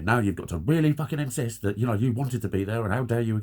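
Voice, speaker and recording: A man's voice: medium pitch, lively intonation, quick pace, darkish tone. A man in his forties giving blunt, sweary, earnest advice in a ranting monologue. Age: 40s. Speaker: vlogger.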